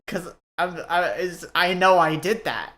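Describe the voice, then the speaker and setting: Woman podcast host, loose and profane, lots of restarts, a bit low-pitched. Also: expressive, a little slow, fairly bright tone. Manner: rambling, swears freely, many restarts. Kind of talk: casual podcast chat.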